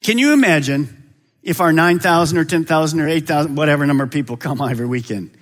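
A man preaching a sermon as pastor of a large church, with a dramatic delivery that swings from loud high calls to quiet, low drops. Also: quick pace.

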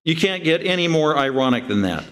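A male pastor delivering an expository sermon, his voice sitting a little higher than most men's. He talks with animated energy and fires off incredulous rhetorical questions. When he reads scripture, he slows right down and stresses each phrase. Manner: reads scripture slowly and emphatically.

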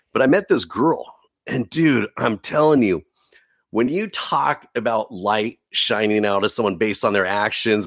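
A man's voice: on the low side, dry recording, clean studio sound. A man telling his life story in a casual, earnest way, often calling his listener "dude.". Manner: earnest, animated, says "dude" a lot. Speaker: guest telling his testimony.

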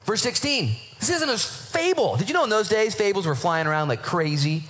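A man's voice: high voice, sing-song, a little fast, fairly bright tone. A man preaching a sermon to his church, acting out voices of Bible figures as he goes. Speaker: pastor.

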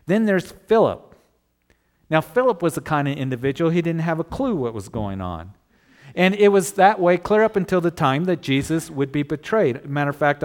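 A man's voice: mid-range voice, darkish tone. A male pastor preaching a sermon in a conversational way, asking his listeners rhetorical questions.

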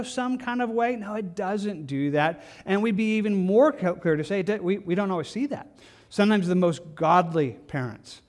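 A male pastor preaching an evening sermon in an earnest, gentle way, often repeating words and restarting his phrases. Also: a little high.

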